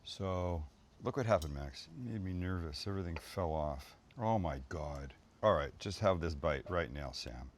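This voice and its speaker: A low-voiced cooking show host speaks at a moderate pace with lively intonation, with slight background noise and food sizzling in a pan. Chatty and playful, he cooks while addressing his crew and himself, swearing now and then.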